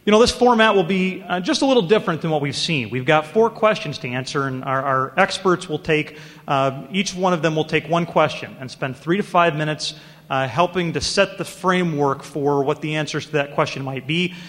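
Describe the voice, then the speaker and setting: Man, panel moderator, halting with fillers, light teasing, reverberant hall. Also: on the high side, a bit bright.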